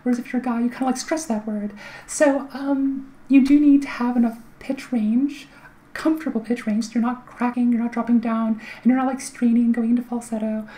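A woman's voice: on the high side, level tone, a little fast, mellow, rough recording. A woman with a light voice that carries little volume, explaining in a casual, chatty way with fillers and restarts. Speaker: vlogger giving voice tips.

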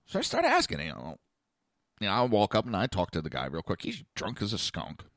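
A man telling a story on his own talk show, blunt and animated, his pitch swinging widely as he acts out the other people. His voice is bright and forceful, and the recording is dry and close. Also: brisk, no echo. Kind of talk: casual storytelling monologue.

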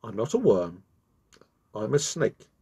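A man's voice: lowish voice, huge pitch swings, measured pace, dark tone, slightly rough, heavily acted. A man voicing a hissing male snake in a children's story who tells a mocking tall tale. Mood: sly.

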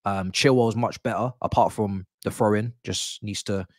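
A man hosting a live football watch-along, chatting excitedly to his viewers as a fan. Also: fairly low pitch, moderate pace, no echo, clean studio sound. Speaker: football fan channel host.

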